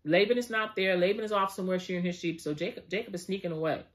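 Speaking fast at a medium pitch, a Bible study teacher reads scripture aloud. She or he breaks off for casual, conversational asides packed with fillers.

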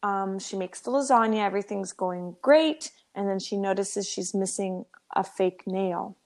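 A woman's voice: medium pitch, unhurried. A woman co-hosting a podcast, telling stories in casual chat and laughing often. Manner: chatty, laughs often, animated storytelling. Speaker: podcast co-host.

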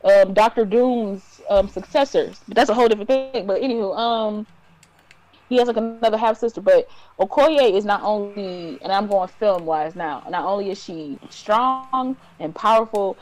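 A woman's voice: mid-range voice, moderate pace, darkish tone, rough recording. A woman from Detroit co-hosting a casual podcast chat, talking in a rambling way with many ums and restarts. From Detroit, USA. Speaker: podcast co-host.

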